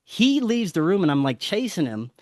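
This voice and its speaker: A man's voice: sits high, very animated, normal speed, darkish tone, no room sound, studio quality. A man guesting on a podcast, telling a story casually and animatedly, swearing freely and acting out the dialogue.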